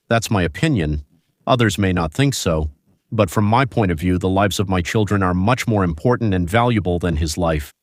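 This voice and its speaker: Speaking low, a man hosts a show of opinionated political commentary. He addresses viewers directly, making his points with rhetorical questions and hypotheticals, and the recording sounds close and dry.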